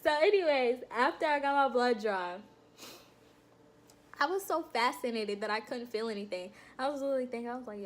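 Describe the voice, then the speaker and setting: A young woman vlogging to her viewers in a casual, animated storytelling way, laughing often and calling them y'all. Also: a little high, fairly quick, a little hiss or hum. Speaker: vlogger recounting her enlistment processing.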